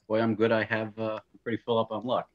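A man's voice: lowish voice, completely flat delivery, quick pace, muffled recording. A man playing a tabletop game, chatting casually and joking at his own expense. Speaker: player. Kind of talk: casual chat.

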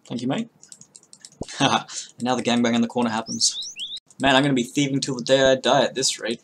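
A young man giving casual, chatty gameplay commentary as a channel host, swearing freely and breaking into loud bursts of excitement. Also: mid-range voice, fairly quick, noisy background.

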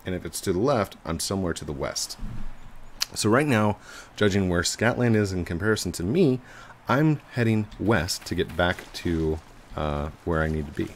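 Deep-voiced, animated gamer dad. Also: male voice, normal speed, a little hiss or hum. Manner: chatty and animated, laughs often, bursts into high excited yells. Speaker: gaming YouTuber. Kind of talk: casual gameplay commentary.

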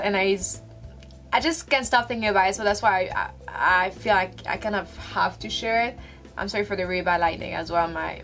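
A young woman vlogs to camera from her room, casual and emotional, halting with restarts and fillers. Her voice is mid-range and a bit bright.

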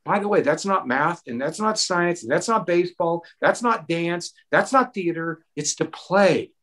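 A middle-aged man answering a question at a town hall, earnest and animated, giving parenting advice with personal stories. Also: sits high, normal speed. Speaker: mental health expert.

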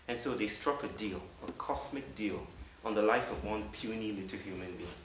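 A man in his thirties from Africa, giving an earnest, halting storytelling talk to a live audience. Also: on the low side, fairly bright tone. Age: 30s. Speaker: public speaker. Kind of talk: storytelling lecture. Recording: roomy hall from a distant mic with faint hiss.

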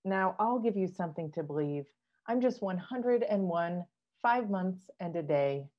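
A woman voicing a brisk, insistent old queen from a storybook in an emphatic reading voice. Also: on the low side, expressive, lo-fi sound.

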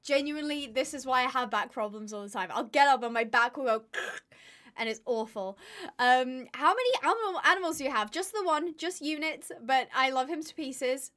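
High-voiced girl streaming, tired and losing her voice, rambles and laughs a lot. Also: lively intonation, normal speed, a bit bright. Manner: chatty, rambling, laughs often. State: tired, voice going. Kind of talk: casual live-stream chat.

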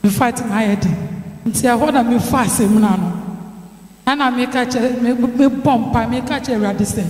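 A woman with a Ghanaian accent giving a church testimony, telling her story in a lively way and acting out the dialogue. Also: fairly high pitch, normal speed. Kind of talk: spoken testimony. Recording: echoey hall, long reverb.

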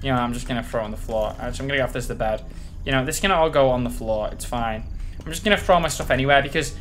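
Male let's play host, jittery and foul-mouthed, average pitch. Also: quick pace, fairly bright tone, soft background music. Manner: jumpy, swears a lot, panicky reactions. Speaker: gaming channel host. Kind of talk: horror game let's play commentary.

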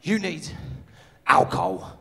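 A man's voice: on the high side, sing-song, takes it slowly, gravelly, bright, forceful tone, slightly rough, in a large hall, full character voice. A comedian doing his drunk, over-familiar brother. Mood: matey. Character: drunk young man crooning too close to faces.

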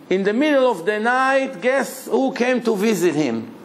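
A man, a rabbi, giving a live Torah lecture in a lively, joking way, questioning his listeners and sprinkling in Hebrew terms. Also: sits high, normal speed, a little hiss or hum.

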